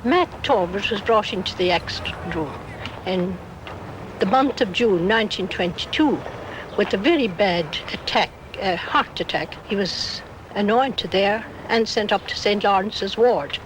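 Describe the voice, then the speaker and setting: A woman's voice: mid-range voice, animated, measured pace. An older woman, recalling her hospital work in a matter-of-fact way. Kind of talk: plain reminiscence. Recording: noisy 1960s archive recording.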